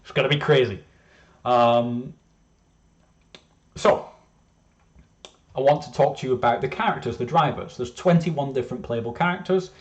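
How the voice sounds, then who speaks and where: A man presenting his game in a casual, rambling way, often restarting sentences, joking at himself and getting excited. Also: mid-range voice, normal speed, long pauses, muffled recording. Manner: rambling, self-interrupting, excitable, jokey. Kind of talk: casual screen-share presentation.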